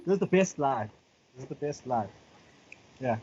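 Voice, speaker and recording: A man's voice: mid-range voice, expressive, normal speed, muffled recording, noisy background. A comedian guest bantering on a live stream, teasing the host and repeating his punchlines.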